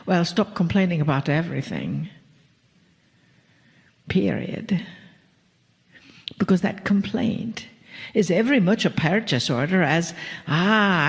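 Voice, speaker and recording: Woman channeling a spiritual message real slow, gentle and a bit playful, gravelly voice, big hall echo. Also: lowish voice, expressive.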